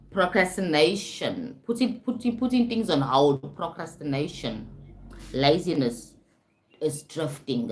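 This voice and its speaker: A South African woman hosting a casual live talk, keeps checking in with her listeners by asking "right?" and "you understand?". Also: sits low. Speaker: host. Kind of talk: casual live-stream talk on self-help.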